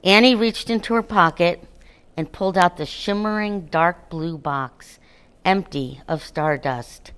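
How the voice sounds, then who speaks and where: A woman reading a children's storybook aloud, calm, gentle and unhurried. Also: on the low side, clean tone. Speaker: narrator.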